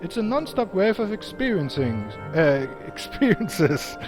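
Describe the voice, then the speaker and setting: A man's voice: high voice, very animated, measured pace. A man voicing a timid, sweet young woman who hesitates and tries to please, reading game dialogue aloud. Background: game music.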